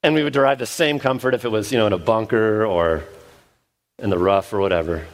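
A man with a somewhat low voice preaches a verse-by-verse sermon in church. He talks in a relaxed, conversational way, joking at his own expense. He often restarts his sentences. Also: brisk. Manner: conversational with self-deprecating humor; frequent restarts and fillers. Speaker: pastor. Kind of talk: expository sermon.

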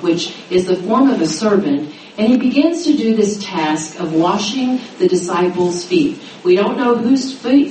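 A middle-aged woman preaches to a room of women, her voice swinging widely in pitch as she acts out each quoted speaker. She stands some way from the mic in an echoing hall, with a faint hiss of noise underneath. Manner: animated, dramatizing quotes with rising pitch. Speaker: women's Bible teacher. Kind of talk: sermon to a women's gathering. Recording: roomy echo, mic at a distance, faint noise.

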